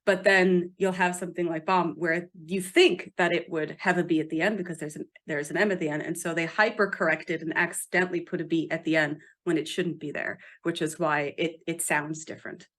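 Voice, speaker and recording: Animated woman author, low voice. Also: brisk, few pauses. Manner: animated, laughs often, emphatic about pronunciation. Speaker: author guest. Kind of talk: casual podcast interview.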